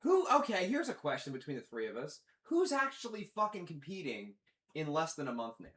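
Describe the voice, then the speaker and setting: Lively, bright-voiced man in a roomy studio. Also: on the high side, a little fast. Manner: animated, acts out quotes in other voices. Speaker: podcast host. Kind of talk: casual crude banter. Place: studio room.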